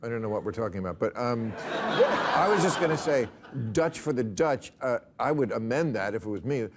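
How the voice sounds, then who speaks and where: A man's voice: mid-range voice, animated, fairly quick, heavy background noise. A man hosting a panel discussion in a TV studio, with a dry, wry conversational manner. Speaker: talk show host.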